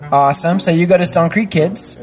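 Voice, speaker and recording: A woman's voice: fairly low pitch, a little fast, a little mellow, faint music behind. A woman kids pastor interviewing children on a church show, upbeat and encouraging, with playful teasing questions and chatty fillers. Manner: chatty, with frequent fillers and restarts.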